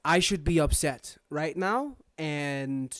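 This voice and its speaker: A game master voicing a formal older wizard who halts and trips over his words while trying to stay calm, in a tabletop game. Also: mid-range voice, dry recording, clean studio sound. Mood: strained. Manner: formal, halting.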